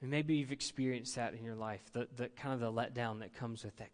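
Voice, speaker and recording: A man's voice: mid-range voice, a little fast. A middle-aged male pastor preaching a conversational sermon in a church, leading his congregation in call-and-response. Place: church sanctuary. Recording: long reverb of a large hall.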